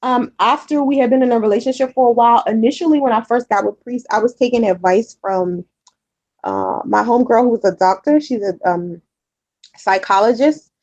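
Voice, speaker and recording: A woman's voice: on the high side, fairly quick, darkish tone, rough recording. A woman vlogger chatting candidly with her viewers, rambling with many fillers and repeats. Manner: chatty and candid, often swears. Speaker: vlogger answering viewer comments. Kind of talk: casual chat.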